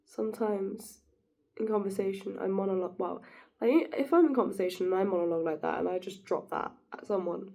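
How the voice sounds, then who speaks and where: A woman's voice: mid-range voice, fairly quick, gravelly, dark tone. A woman talking to camera in a rambling, giggly monologue, musing philosophically and drifting off her point. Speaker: vlogger.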